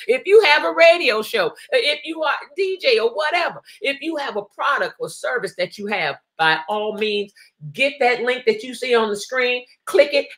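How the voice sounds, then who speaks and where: Lady hosting a live stream, bright voice, pitched a bit high, chatty and laughs a lot. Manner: chatty, laughs often, many restarts. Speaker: host of a live online show. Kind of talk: casual live-stream chat reading comments.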